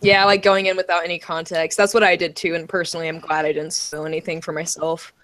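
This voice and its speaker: A woman's voice: fairly low pitch, little pitch movement, quick pace, fairly bright tone, no room sound. A woman on a podcast in casual chat, wry and joking. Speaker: podcast co-host.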